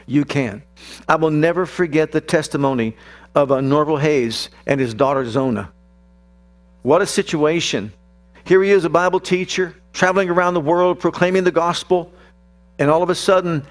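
A man preaching a sermon in an earnest voice that rises into fervent prayer. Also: on the high side. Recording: mains hum behind the voice.

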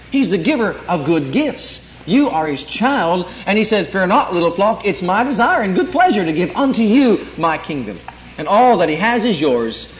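A man preaching a sermon, emphatic and calling out for amens as he teaches. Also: sits high. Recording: echoey room, faint noise.

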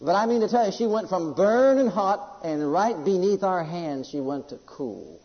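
A man's voice: high-pitched, expressive, normal speed. A man preaching a sermon, emphatic and storytelling, telling personal stories to a congregation. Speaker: pastor. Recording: echoey hall, dull lo-fi.

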